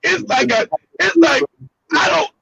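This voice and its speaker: High-pitched gravelly man ranting bluntly. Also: measured pace, a loud crowd, rough recording. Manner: blunt, profane, mocking, repeats himself. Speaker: host. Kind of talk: heated commentary on news clips.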